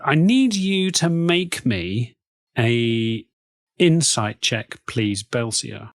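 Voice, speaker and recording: A game master narrating a tabletop game in a lively, profane way and laughing often. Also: mid-range voice, very slow, dry recording, clean studio sound.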